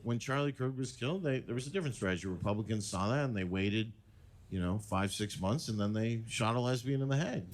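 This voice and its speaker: A man's voice: lowish voice, brisk. A man performing a stand-up set on a club stage with a crude, offhand delivery, into a handheld mic. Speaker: stand-up comedian. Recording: noisy live stage recording.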